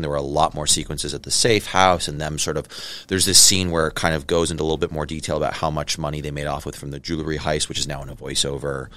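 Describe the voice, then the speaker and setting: A man from Canada, a film director, chatting in an interview and acting out scenes in quick little voices. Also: very deep voice, a bit bright. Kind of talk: casual interview storytelling.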